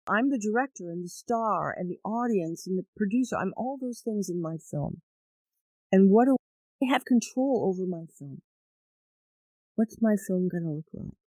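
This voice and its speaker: A woman guest on a podcast, telling personal stories in an animated way and acting out her own thoughts. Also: medium pitch, moderate pace, no room sound, poor audio. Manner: animated, acts out quoted thoughts. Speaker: guest therapist. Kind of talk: conversational storytelling.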